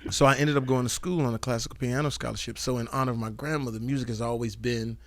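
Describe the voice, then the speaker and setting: A man guest telling animated, profane stories in a casual interview, acting out the dialogue. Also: medium pitch, fast, no room sound. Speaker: guest, comedian and actor.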